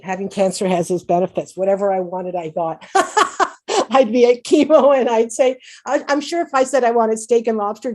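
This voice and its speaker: A woman's voice: medium pitch, dark tone. A middle-aged woman giving an upbeat, chatty conference talk as a patient advocate, laughing often and restarting her sentences. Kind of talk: conference presentation.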